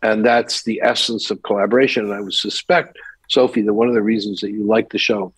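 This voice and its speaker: An older male actor telling stories as a guest on a podcast interview, lively as he recounts anecdotes. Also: lowish voice, brisk, breathy edge, dry recording, low-quality recording. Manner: animated anecdote teller, mimics voices in quotes.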